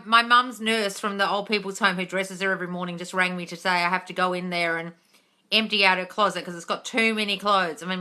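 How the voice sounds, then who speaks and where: A woman's voice: mid-range voice, pushed and bright. A woman, chatting bluntly and swearing freely while she answers viewers on a home livestream. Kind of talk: casual live-stream chat. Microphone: phone mic.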